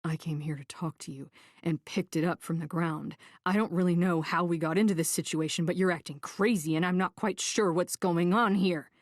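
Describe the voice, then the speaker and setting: A woman reading the part of a slender, evasive man in an audiobook, with a hushed, breathy voice. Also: steady tone, moderate pace, dry recording, clean studio sound, natural voice. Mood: conciliatory. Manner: low-key, evasive.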